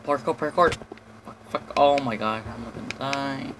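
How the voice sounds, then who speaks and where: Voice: mid-range voice, normal speed, noisy background. A gamer giving casual, jumpy commentary on his own play, with lots of swearing, panicked yelps and idle humming. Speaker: lets-play host.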